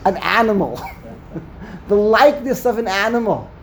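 A man's voice: high voice, lively intonation, slow, fairly bright tone, slight background noise. A man leading a Talmud study discussion, asking rhetorical questions and mixing in Hebrew terms. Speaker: Torah study teacher.

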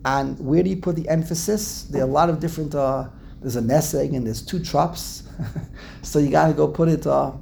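Male Torah teacher, gravelly and a bit high-pitched, rambling classroom delivery. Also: normal speed, mellow, slight background noise. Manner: digressive, repeats words, restarts often.

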